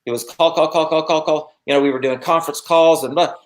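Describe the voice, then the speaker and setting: A man's voice: on the high side, steady tone, fast talker. A man hosting a motivational interview as a business coach, emphatic and fond of repeating words for effect.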